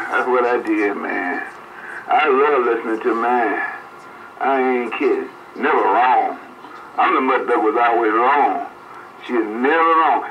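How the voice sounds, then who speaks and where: An older man on a CB radio, chatting casually and reminiscing in a folksy way, laughing often. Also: mid-range voice. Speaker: CB radio operator. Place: on the air by CB radio. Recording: dull CB radio audio with faint hiss.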